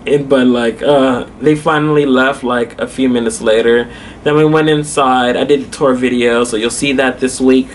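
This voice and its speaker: A man's voice: medium pitch, moderate pace, a little hiss or hum. Laughing young man telling a vlog story. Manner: animated, laughs often, lots of "like" fillers. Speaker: vlogger.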